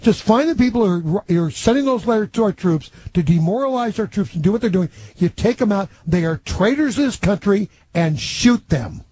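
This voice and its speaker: A man's voice: high voice, animated, a little fast, few pauses, a little mellow, breathy edge, no room sound, poor audio. A man delivering aggressive, inflammatory political commentary.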